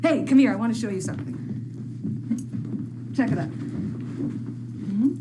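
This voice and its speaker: A doting, motherly woman played by an actress with a fairly high voice that swings lively up and down. It's TV show audio with clear background noise under the lines. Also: normal speed, close to an everyday voice. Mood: affectionate. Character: gentle, doting mother of a girl. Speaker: mother in a TV series.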